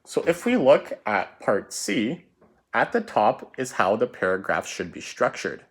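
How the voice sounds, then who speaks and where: A man's voice: mid-range voice, very animated, unhurried, husky. A man teaching a recorded writing lesson, explaining punctuation step by step in a patient way and often checking in with "right?".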